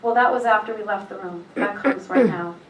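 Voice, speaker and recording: A middle-aged woman telling a personal faith story in a rambling way, halting often with fillers and restarts. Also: medium pitch, slight background noise. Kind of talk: personal testimony, casual retelling. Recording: echoey room, voice from a distance.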